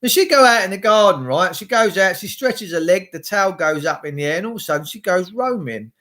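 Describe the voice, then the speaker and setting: This is a man with a fairly high voice, chatting on a live stream in a loose, meandering way. He greets viewers one by one, swears freely and wanders off on tangents as he reads their comments. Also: expressive, brisk, bright, forceful tone. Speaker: livestream host. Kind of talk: rambling live-stream chat.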